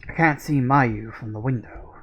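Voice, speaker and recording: A man's voice: mid-range voice, normal speed, husky, lo-fi sound. A man giving casual, wry commentary while playing a horror game and reading on-screen text aloud. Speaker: let's-play gamer.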